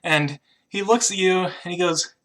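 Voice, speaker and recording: A man narrating as game master of a tabletop role-playing game. He describes the scene loosely, with many fillers. His voice sounds bright. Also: sits high, unhurried.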